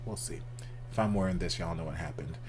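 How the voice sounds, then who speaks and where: Candid, expressive male reaction vlogger. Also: low-pitched, fairly quick, noisy background. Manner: candid and expressive, swears casually. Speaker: reaction video host. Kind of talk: casual reaction commentary.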